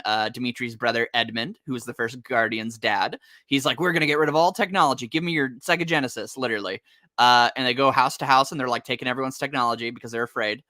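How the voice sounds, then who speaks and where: A young man recaps a comic in a rambling, sarcastic flow, dropping into quick acted asides along the way. His voice sits at an ordinary male pitch but has a bright, forward edge. It is recorded close and dry. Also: no room sound. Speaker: podcast co-host. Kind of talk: casual comic recap chat.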